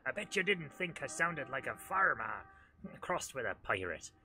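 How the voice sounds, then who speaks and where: A man's voice: medium pitch, big pitch swings, moderate pace, music in the background. A man doing Sonic as a farmer-pirate. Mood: coaxing. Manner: rustic pirate growl, coaxing. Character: Sonic toy hedgehog talking like farmer-pirate.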